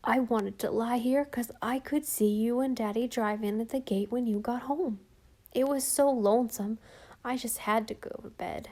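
A sleepy, trusting little boy speaks softly and a touch higher than the narration, read by a woman. The voice stays mellow and warm. It sounds like a gentle storybook audiobook. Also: steady tone, moderate pace. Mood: sleepy, tender. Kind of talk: audiobook character reading.

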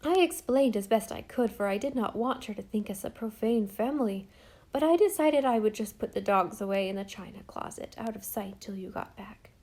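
A woman voicing a fussy, devoted middle-aged housekeeper who talks in an earnest, old-fashioned, dramatic way, with a mellow tone. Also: mid-range voice, fairly quick, natural voice.

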